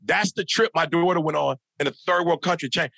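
A man's voice: on the high side, brisk, gravelly, bright, forceful tone, no room sound. A middle-aged man, a motivational speaker on a podcast, telling stories in an emphatic, preacher-like way, repeating phrases for punch. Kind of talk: animated storytelling in a podcast interview.

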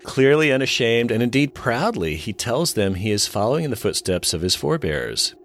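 A man's voice: medium pitch, very animated, normal speed, a bit bright. A man co-hosting a podcast, retelling an episode's plot with wry asides between the narration. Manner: storyteller pacing, wry asides. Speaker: podcast co-host recapping an episode. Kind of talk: casual recap narration and chat.

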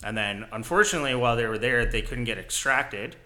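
A man's voice: medium pitch, fast. A middle-aged man hosting a casual podcast chat, telling war stories with sound effects. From Canada. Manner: animated storytelling with sound effects. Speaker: podcast host, veteran soldier.

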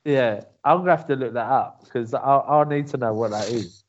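A man's voice: mid-range voice, moderate pace, highs cut off. A man, co-hosting a podcast in casual chat, laughing often and repeating himself. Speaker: podcast co-host.

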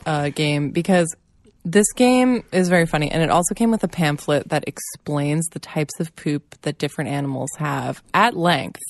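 A woman's voice: low voice, moderate pace, dry recording. A mother casually chatting as a podcast co-host, enthusiastic and laughing as she talks. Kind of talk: casual chat.

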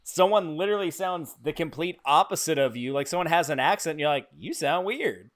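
A man's voice: on the high side, quick pace. An easygoing man co-hosting a podcast in casual chat, full of likes and bros. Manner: easygoing, filler-heavy, says like and bro.

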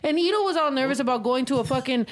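A young woman co-hosting a casual chat, animated and profane, sometimes switching into Spanish mid-sentence. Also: sits high, rapid-fire.

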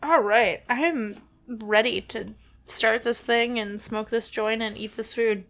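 A young woman co-hosts a casual podcast, playful and teasing as she tells animated little stories. Her voice is fairly high and bright, with a gravelly fry at the ends of phrases. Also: unhurried. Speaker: podcast co-host. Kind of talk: casual chat.

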